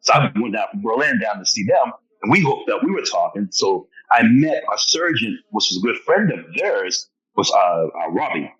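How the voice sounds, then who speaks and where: Lively storytelling man, dull lo-fi audio. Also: lowish voice, moderate pace, few pauses, breathy edge. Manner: lively, acts out other people's lines, chuckles often. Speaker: interview guest. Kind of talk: animated storytelling in a podcast interview.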